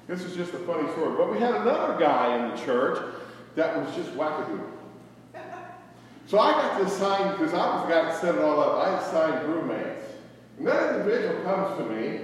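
A middle-aged male pastor delivers a folksy, joking sermon, his voice sitting a touch high for a man. He sounds set back from the microphone, and a long, echoing hall reverb trails each phrase. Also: slight background noise. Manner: folksy storytelling, jokes with congregation. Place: church sanctuary. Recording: echoey hall, from far off.

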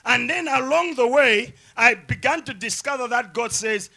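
High, gravelly man preaching emphatically. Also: moderate pace, hardly any pauses. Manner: emphatic preaching with repeated phrases; swings from loud shouting to quiet asides. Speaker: pastor. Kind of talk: sermon.

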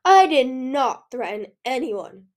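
A woman's voice: fairly high pitch, expressive, brisk, darkish tone, natural voice. A woman voicing an anxious, defensive young female dragon with flustered protests.

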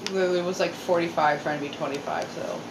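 A woman tells a chatty anecdote in casual conversation. Her voice sits fairly low and she is some distance from the mic. The room is echoey with clear background noise. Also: steady tone, fast. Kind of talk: casual chat.

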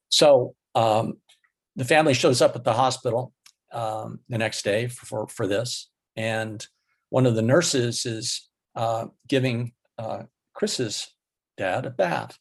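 Slow, husky-voiced man telling a story. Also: medium pitch. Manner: slow, halting delivery with many fillers. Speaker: guest. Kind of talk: storytelling in an interview.

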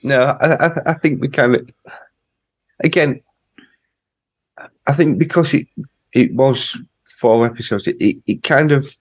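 A man with a Yorkshire accent, co-hosting a podcast in casual chat, halting and searching for his words. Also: medium pitch, husky, dry recording. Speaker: podcast co-host.

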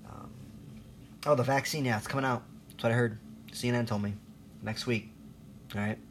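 A man's voice: mid-range voice, fairly even intonation, normal speed, slight background noise. A man in his thirties ranting in a rambling, profane, sarcastic monologue, laughing at himself now and then. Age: 30s. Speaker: vlogger.

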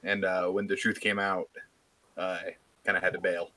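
A man with a lowish voice describes his character at a tabletop game. His tone is bright and forceful. He hesitates often and fills gaps with fillers. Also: little pitch movement, moderate pace. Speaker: player. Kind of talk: casual tabletop play.

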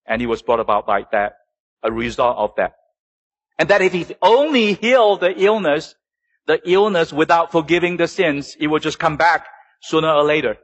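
A man's voice: a bit bright, poor audio. A man preaching a sermon as pastor, asking the congregation rhetorical questions and swinging his voice up and down for emphasis. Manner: preaching with rhetorical questions and sudden rises and drops in pitch.

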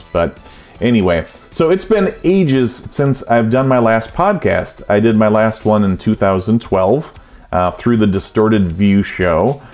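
Brief: middle-aged male podcaster, low voice, loose rambling chat full of fillers. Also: darkish tone. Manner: rambling, frequent ums and uhs. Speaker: podcast host. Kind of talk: casual podcast monologue.

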